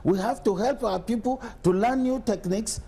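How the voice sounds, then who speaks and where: A middle-aged man from Nigeria speaks as a state governor in a televised interview. His voice sits high for a man and carries a gravelly rasp. He argues forcefully, answering criticism with pointed rhetorical questions. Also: moderate pace. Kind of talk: TV news interview.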